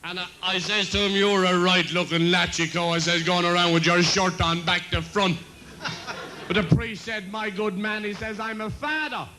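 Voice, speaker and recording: A man's voice: high voice, steady tone, moderate pace, pushed and bright, slight background noise, low-quality recording. A man doing bawdy stand-up jokes on stage, chuckling at his own punchlines. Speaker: comedian and compere.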